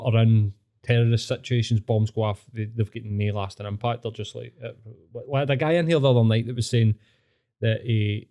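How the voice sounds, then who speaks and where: Sweary Scottish man, mellow voice. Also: fairly low pitch. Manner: sweary, laughing, blunt. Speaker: podcast co-host. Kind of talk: casual podcast chat.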